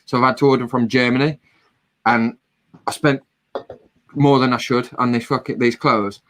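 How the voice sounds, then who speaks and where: A man's voice: mid-range voice, fairly even intonation, normal speed, a bit bright. A British man hosting a livestream on a video call, chatty and swearing casually. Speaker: livestream host.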